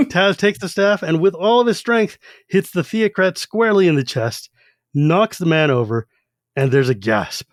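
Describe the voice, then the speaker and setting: A podcast co-host, animatedly retelling a novel and acting out its voices. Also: male voice, a little high, lively intonation, moderate pace, dry recording, clean studio sound. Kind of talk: casual chat.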